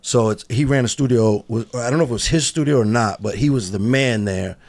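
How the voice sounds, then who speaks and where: A man's voice: mid-range voice, fairly quick, a little mellow, dry recording. A man chatting casually in a laid-back way, telling stories about studio days. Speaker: guest. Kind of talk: casual chat.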